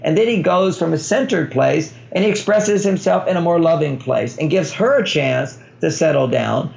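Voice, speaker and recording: A man's voice: fairly high pitch, normal speed, vocal fry, darkish tone. An older man, a relationship author, explaining his ideas as an interview guest and acting out quoted dialogue. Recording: dull lo-fi sound.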